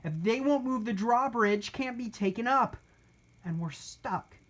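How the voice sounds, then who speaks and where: Woman putting on a nervous storybook adventurer, fussy, a bit high. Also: lively intonation, a little slow. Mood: fretful. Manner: fretful, lecturing. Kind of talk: storybook reading.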